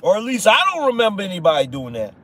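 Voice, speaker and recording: A man with a high voice hosts an opinion podcast. He speaks bluntly and casually, swearing and driving points home with repeated rhetorical questions. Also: sing-song, fast talker, bright, forceful tone. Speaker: podcast host. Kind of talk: conservative opinion commentary.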